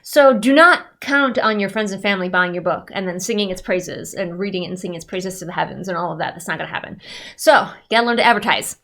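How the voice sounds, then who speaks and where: A woman's voice: mid-range voice, fast talker, fairly bright tone. A woman who works as a writer and editor, talking candidly and with self-deprecating humor in a casual vlog.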